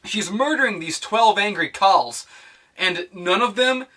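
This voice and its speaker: A man's voice: high voice, animated, a little slow, bright, forceful tone, recorded from a distance. A young man ranting to camera in a profane, sarcastic vlog. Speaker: vlogger. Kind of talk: animated rant to camera.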